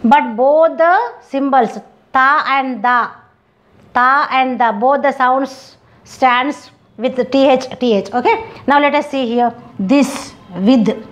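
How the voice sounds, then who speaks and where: Woman, Indian English accent, slow phonetics lesson, higher voice, repeats each word. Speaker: English teacher.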